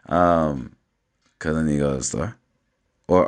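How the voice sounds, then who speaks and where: Lowish guy just riffing on his vlog, cusses a lot, keeps going "you know what im saying". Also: expressive, unhurried, pauses often, fairly bright tone. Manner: loose, streetwise, swears freely, keeps asking "you know what I'm saying". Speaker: vlogger. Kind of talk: casual solo talk to camera.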